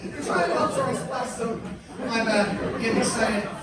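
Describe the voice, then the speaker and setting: A man in his thirties from Canada performing an animated stand-up comedy set on a club stage, storytelling with sudden shrieking character voices. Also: very high voice, normal speed, a loud crowd. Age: 30s. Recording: echoey club, distant mic, loud audience noise.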